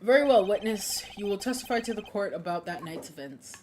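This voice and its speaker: A woman's voice: mid-range voice, lively intonation, brisk, a little mellow, a little hiss or hum, close to an everyday voice. A woman voicing a fussy old male judge in a game, formal and easily flustered.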